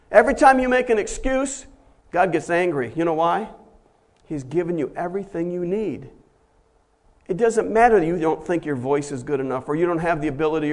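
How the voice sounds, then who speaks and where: A man preaching a sermon as pastor, emphatic, swinging between loud peaks and quiet low passages, acting out the voices he quotes.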